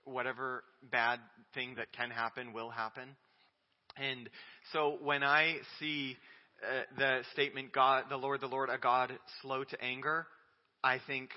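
Emphatic preacher in a reverberant church. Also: male voice, mid-range voice, flat delivery, measured pace. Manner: emphatic preaching, swinging between loud declarations and quiet asides. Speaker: pastor. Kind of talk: sermon. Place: church sanctuary. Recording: dull audio with long church reverb.

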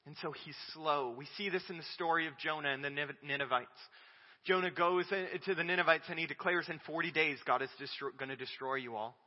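Male pastor, mid-high voice, dynamic sermon delivery, recorded dull with a long hall tail. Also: a little fast. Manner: emphatic preaching, swinging between loud declarations and quiet asides. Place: church sanctuary. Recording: dull audio with long church reverb.

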